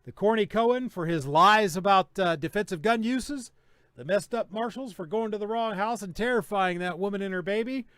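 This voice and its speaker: A man's voice: high voice, moderate pace, fairly bright tone, no echo. A middle-aged man hosting a casual live-stream podcast, telling stories bluntly and with plenty of swearing. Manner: blunt, profane storytelling. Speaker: podcast host.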